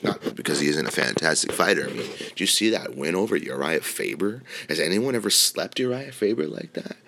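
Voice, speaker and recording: Brief: man, very low gravelly voice, casual rambling host, swears a lot. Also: animated, fairly quick, hardly any pauses, bright, forceful tone, slight background noise. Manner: rambling, filler-heavy and swears freely. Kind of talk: casual opinion talk on mixed martial arts.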